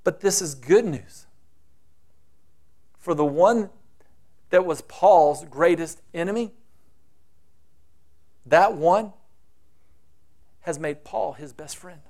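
A man's voice: on the high side, slow, pauses often, a little mellow. A man preaching a sermon, acting out the quoted voices with dramatic shifts. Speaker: pastor.

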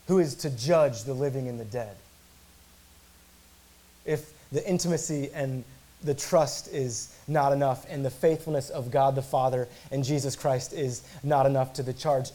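A man's voice: mid-range voice, fairly even intonation, moderate pace, warm tone. Give me a male pastor preaching an emphatic sermon with earnest repetitions.

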